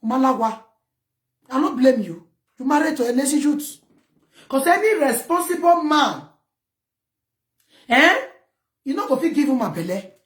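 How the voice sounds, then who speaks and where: Nigerian woman vlogger, high-pitched, scolds her audience in Pidgin, roomy sound. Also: sing-song, normal speed, long pauses. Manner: loud, scolding, mixes Pidgin and local words. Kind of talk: ranting commentary to camera.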